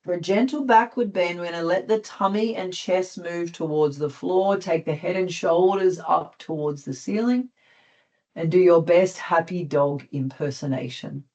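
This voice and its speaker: An instructor with an Australian accent calmly guiding a group through stretches, gently instructive with light touches of humor. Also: medium pitch, moderate pace, highs cut off. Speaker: movement instructor. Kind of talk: guided stretching class.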